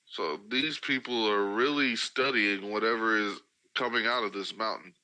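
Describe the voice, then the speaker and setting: Halting game master, bright voice. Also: male voice, lowish voice, fairly even intonation, low-quality recording. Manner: halting, many fillers and restarts. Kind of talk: narrating a tabletop game.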